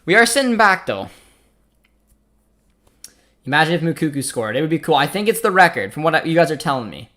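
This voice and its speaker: A man's voice: on the high side, big pitch swings, brisk, pauses often, pushed and bright. A young man from Canada with a Canadian accent, hosting a live football watchalong, chatting casually, reading the chat aloud and reacting to the match. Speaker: watchalong host.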